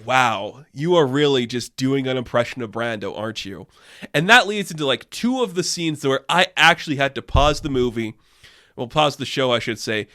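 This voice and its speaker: A man's voice: mid-range voice, pushed and bright. A man giving a casual review, exasperated, sarcastic and swearing often. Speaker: video reviewer.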